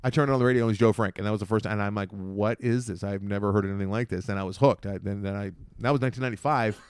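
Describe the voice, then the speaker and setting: A man co-hosting a podcast, rambling through stories in casual banter with sudden animated outbursts. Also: fairly low pitch, very fast, smooth, dry recording. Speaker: podcast co-host.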